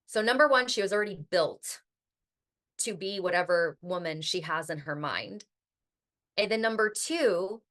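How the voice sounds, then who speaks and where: Woman, podcast host, low-ish voice with a tense bright edge, casual and rambling. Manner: chatty, heavy use of "like", occasional swearing.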